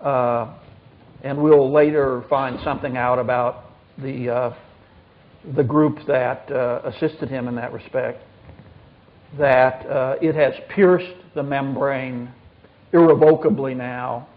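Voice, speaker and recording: A man on a panel giving a slow, halting answer with many pauses and fillers. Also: mid-range voice, fairly even intonation. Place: conference hall. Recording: tinny phone-like recording with faint noise.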